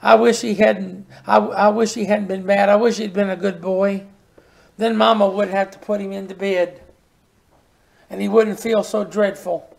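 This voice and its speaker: A sorrowful, tender-hearted little girl from a storybook, read aloud by a preacher. She speaks softly and shakily, with a slight gravel in the voice. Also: medium pitch, fairly even intonation, moderate pace, close to an everyday voice. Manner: soft, shaky storybook reading.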